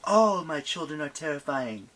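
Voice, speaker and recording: A woman voicing an ancient goddess of night who sounds grand at first and then panicked and shrill, in a storybook reading. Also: expressive, moderate pace, a bit bright. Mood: proud.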